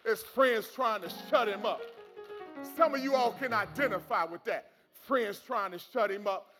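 A male pastor preaching a sermon with rising shouts and repeated words. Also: high voice, normal speed, soft background music.

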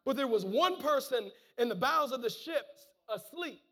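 Fervent male preacher with a very high voice who peppers his sermon with amens and repeats words. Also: lively intonation, normal speed, pushed and bright. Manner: fervent, punctuates with calls of amen and hallelujah; repeats words and restarts phrases. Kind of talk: sermon, reading and preaching scripture.

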